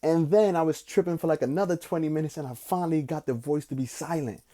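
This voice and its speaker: Young male podcast host, low-key mellow tone, loose profane storyteller, drawls then gets hyped. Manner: loose, slangy and profane, swings between slow musing and excited bursts. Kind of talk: casual rambling storytelling.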